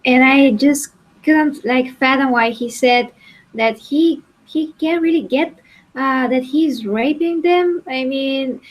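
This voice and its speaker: A woman's voice: high voice, slow pace, rough recording. A woman in a casual review chat, hesitant and searching for her words.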